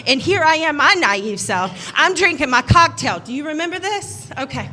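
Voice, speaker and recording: A woman giving a funny wedding toast as the groom's sister, animated and laughing as she acts out the voices in her story. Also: sits high, normal speed, few pauses, soft background music. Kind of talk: humorous storytelling speech. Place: wedding reception.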